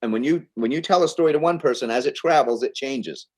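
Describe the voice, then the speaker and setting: During a podcast interview, a man who is an entrepreneur relates a business story with lively, casual energy, speaking quickly in a mid-range voice. "Okay?" and "right?" pop up often as he checks in.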